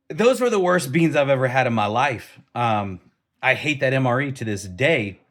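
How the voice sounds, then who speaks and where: A man's voice: medium pitch, normal speed. Man telling an army story, laughing often. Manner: animated, laughing through the story, frequent restarts. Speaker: storyteller recounting army training. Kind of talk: casual storytelling vlog.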